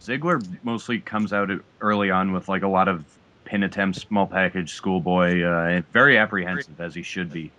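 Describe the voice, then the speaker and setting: A man with a very low voice recaps a match move by move for a podcast, steady and casual. The recording sounds dull and lo-fi. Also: moderate pace. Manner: listing moves in a steady recap. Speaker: podcast co-host.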